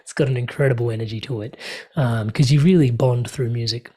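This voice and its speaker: A man, a podcast guest, telling a personal story in conversation, animated and laughing often. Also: medium pitch, a little fast, breathy edge. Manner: animated, laughs often, acts out quoted dialogue.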